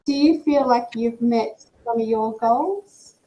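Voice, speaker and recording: Woman running a group chat, kinda high voice, faint noise behind her. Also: slow, muffled recording. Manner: friendly, asks members questions. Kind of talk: casual group video chat.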